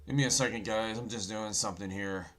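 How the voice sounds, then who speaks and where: A man hosting an end-times prophecy channel, talking loudly and excitedly while browsing news, with a sore throat and a habit of saying "folks". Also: lowish voice, quick pace. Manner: loud and excited, often yelling, says "folks" constantly.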